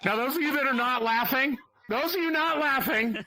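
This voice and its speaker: A man's voice: extremely high pitch, normal speed, pushed and bright, no echo. A man doing a crude, rambling stand-up comedy set, often laughing at his own jokes. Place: virtual comedy club stage.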